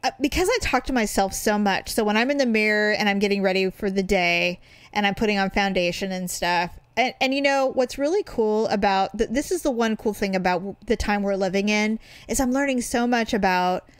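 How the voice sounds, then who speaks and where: A middle-aged woman co-hosting a podcast in casual chat, telling stories and acting out her own quotes with a lively voice. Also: medium pitch, fairly quick, clear, resonant tone, dry recording. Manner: animated storyteller, acts out her own quotes. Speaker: podcast co-host.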